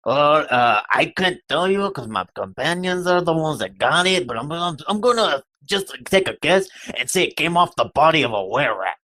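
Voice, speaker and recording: A man's voice: on the high side, sing-song, moderate pace, hardly any pauses, sharp tone. A man playing a tabletop game, rambling and asking questions in casual chat. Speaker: player. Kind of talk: casual tabletop role-play.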